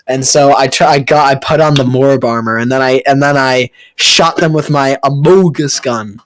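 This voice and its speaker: A man's voice: medium pitch, moderate pace, hardly any pauses, dry recording. Rambling young man spinning a crude tall tale. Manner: rambling, crude, many fillers and restarts. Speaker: friend telling a story. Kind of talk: improvised late-night storytelling. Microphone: computer mic during a game recording.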